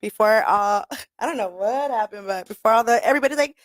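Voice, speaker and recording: A woman's voice: fairly high pitch, a little fast, dry recording. A woman hosting talk radio in a blunt, rambling, profane way, laughing often and mixing in Spanish slang.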